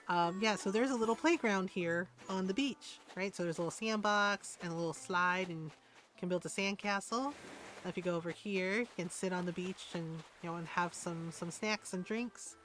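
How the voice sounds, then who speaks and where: A woman's voice: medium pitch, moderate pace, fairly bright tone, faint music behind. Chatty young woman streaming a game. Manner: chatty, rambling with fillers. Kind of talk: casual game-stream chat.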